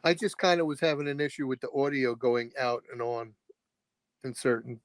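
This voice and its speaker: A man in a casual film discussion, speaking in halting, hesitant phrases. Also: mid-range voice, dry recording. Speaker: podcast co-host.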